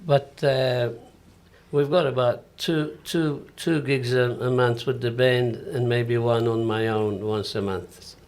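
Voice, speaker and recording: A man's voice: mid-range voice, fairly even intonation, slow, darkish tone. Older Maltese-accented man telling stories. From Malta. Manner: storytelling, acting out quoted dialogue. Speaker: entertainer and singer. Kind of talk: casual radio interview.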